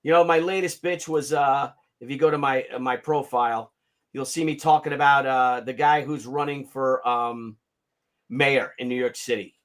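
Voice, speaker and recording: A man in his fifties hosting a casual livestream, ranting in an animated, sarcastic and profane way. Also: mid-range voice, normal speed. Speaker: comic artist hosting a livestream.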